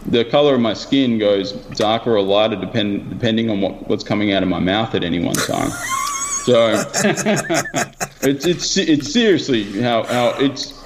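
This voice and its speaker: A man's voice: lowish voice, expressive, moderate pace, background noise. A man in a casual conversation, talking loosely and thinking aloud with asides and restarts.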